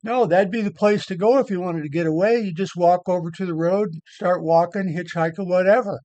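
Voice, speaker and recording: A man's voice: sits high, fairly quick, darkish tone, no echo, lo-fi sound. An older man rambling casually over photos of an old hike, blunt, with many repeated words. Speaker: vlogger.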